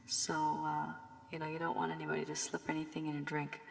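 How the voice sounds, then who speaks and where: A woman giving a rambling tarot reading while recovering from a cold, her voice strained and husky, slipping at times to a whisper. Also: sits low, monotone, brisk, long reverb tail, a little hiss or hum. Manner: loose and rambling with many fillers, warning and advising. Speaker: tarot reader. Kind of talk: casual tarot reading monologue.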